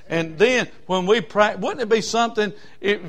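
A man, a preacher telling a folksy story in a sermon that builds from quiet asides to shouting. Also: high-pitched, moderate pace.

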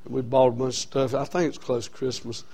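A man preaching a sermon as a Baptist pastor, telling a story that swings from quiet and low to loud and raised. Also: level tone, fast talker.

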